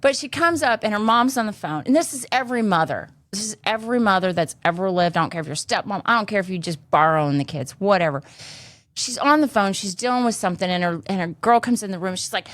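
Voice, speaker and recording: A woman's voice: a little high, expressive, moderate pace, fairly bright tone, no room sound. A woman hosting a podcast in candid casual chat, blunt and salty, cussing freely. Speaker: podcast host.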